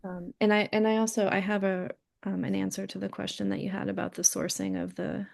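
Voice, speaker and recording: A woman's voice: medium pitch, level tone, a little fast, creaky, a little mellow. A woman on a town committee explaining a point in a hesitant way, with many restarts. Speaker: committee member. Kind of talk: casual meeting talk.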